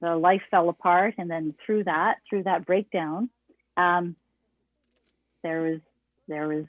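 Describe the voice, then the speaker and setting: Older woman, low voice, tinny phone-line sound. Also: fairly even intonation, slow, no room sound. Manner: rambling, many restarts and laughs, reflective. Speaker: guest songwriter and author. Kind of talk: casual interview chat.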